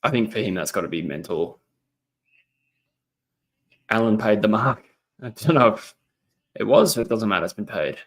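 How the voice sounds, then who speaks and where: A young Australian footy livestream host speaks in a lowish, expressive voice at normal speed, leaving long pauses. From a laptop indoors, he commentates on a match and chats casually with viewers, rambling with lots of ums and reading chat messages out loud.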